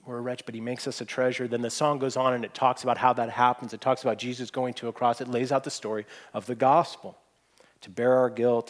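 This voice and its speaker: A man preaching a sermon, earnest, pressing points hard and then dropping to a hushed voice. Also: mid-range voice. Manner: earnest, swings from emphatic to hushed. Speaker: pastor.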